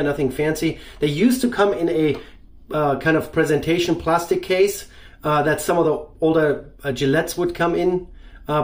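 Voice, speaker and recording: A man hosting a shaving channel, talking through his gear in a loose, rambling way with many fillers. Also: a little high. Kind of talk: casual product review.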